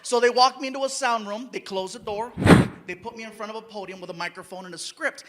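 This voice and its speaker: A man's voice: high voice, fast talker. A male stand-up comedian telling a story and acting out the people in it. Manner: animated, acts out characters. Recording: noisy live stage recording.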